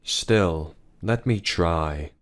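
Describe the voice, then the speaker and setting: A man voicing a frantic, pleading wife. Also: very slow. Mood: puzzled. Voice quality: low voice pushed higher for a woman. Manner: pleading, then shouting. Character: distraught adult woman confronting her husband.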